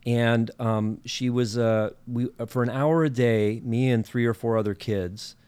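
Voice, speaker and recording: A man's voice: medium pitch, steady tone, darkish tone, clean tone, no room sound. A man from northern Minnesota, a podcast guest telling a story in casual chat with many fillers and restarts. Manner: halting, many fillers and restarts, laughs often.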